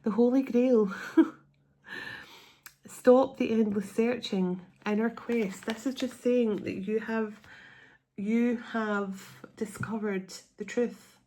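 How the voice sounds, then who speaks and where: A woman giving a spiritual tarot reading, earnest and emotional, slowing down and drawing out the words that matter. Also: on the high side, steady tone, mellow. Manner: emotional, close to tears. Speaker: tarot reader.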